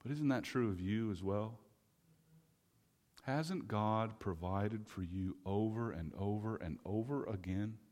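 A man's voice: lowish voice, slow pace, darkish tone. A man preaching a sermon with fervent rhetorical questions. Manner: impassioned, rhetorical questions, acts out quoted voices. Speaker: pastor. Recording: long hall reverb.

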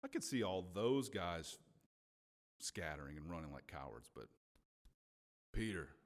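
A man's voice: deep voice, sing-song, measured pace, pitched below the performer's own voice. A man voicing Peter as a brash, overconfident man who boasts of his loyalty. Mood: boastful. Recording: long hall reverb.

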